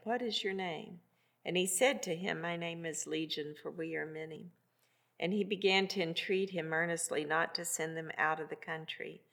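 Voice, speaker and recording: Woman reading the bible out loud in class, low gravelly voice. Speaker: scripture reader in class. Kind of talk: reading scripture aloud.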